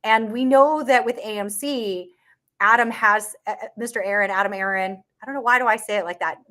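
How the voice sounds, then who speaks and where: A woman's voice: on the high side, fairly quick, fairly bright tone. A woman in a casual online chat, talking through an investment topic with frequent laughs, fillers and restarts. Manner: chatty, laughs often, many restarts and fillers. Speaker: market commentator.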